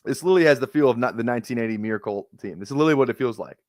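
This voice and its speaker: Man from minnesota, live-stream chatter, excitable and profane, rambling, fillers, dry close sound, mid-range voice. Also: mid-range voice, racing, no room sound. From Minnesota, USA. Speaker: fantasy football streamer. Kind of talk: casual live-stream chat while drafting.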